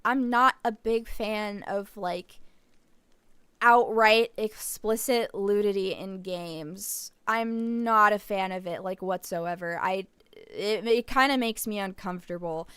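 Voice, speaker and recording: A woman streamer doing let's play commentary, rambling and gushing excitedly over what she sees. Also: mid-range voice, takes it slowly, smooth, no echo.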